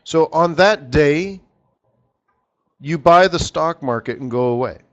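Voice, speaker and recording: A chatty, animated man hosts a live teaching stream and talks straight to his viewers by name. His voice sits a little higher than most men's. The audio is slightly dull and lo-fi. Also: slow. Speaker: trading strategist hosting a live session.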